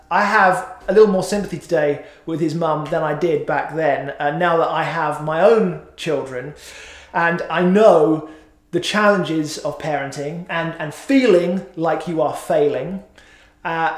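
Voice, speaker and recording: A middle-aged man preaching a sermon in a church, chatty and self-mocking, with many "uh"s. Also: on the high side. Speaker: pastor. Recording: echoey hall.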